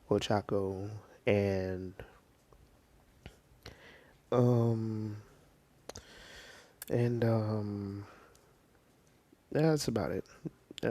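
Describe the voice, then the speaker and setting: A man casually telling a fan story off the cuff, rambling with lots of fillers, dropping into soft whispers now and then. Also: fairly low pitch, dry recording.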